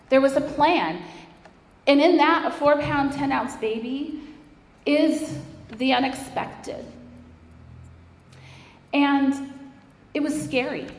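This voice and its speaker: A woman giving an earnest, emotional faith testimony as a mother, building her points through repeated phrases. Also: high voice. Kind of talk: personal faith testimony speech. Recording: echoey hall reverb.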